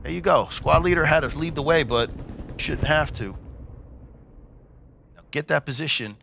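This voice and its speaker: A man's voice: fairly high pitch, moderate pace, creaky, highs cut off, a little hiss or hum. A man casting a live online war game, coaching the teams and bursting into hype calls. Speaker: esports caster. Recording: loud gunfire and artillery from the game behind. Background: game gunfire and explosions.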